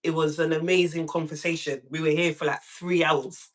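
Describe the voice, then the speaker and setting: Animated woman hosting a live stream. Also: normal speed. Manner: animated storytelling, acts out quotes with big pitch jumps. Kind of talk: casual live-stream chat.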